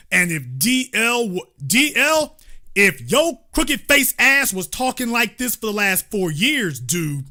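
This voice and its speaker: A man's voice: sits high, sharp tone. A male host ranting through political commentary in a heated, profane, mocking way.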